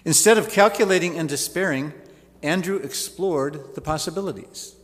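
A male pastor delivers a sermon with a storyteller's touch and homely asides, his voice sitting a little high for a man. A long reverb from the church hangs after each phrase. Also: normal speed. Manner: storytelling preacher with folksy asides.

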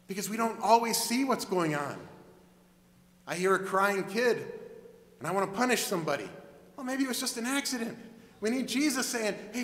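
A male pastor delivers a conversational sermon and acts out the story as he goes. His voice is high and bright. It echoes through a large hall with a long reverb.

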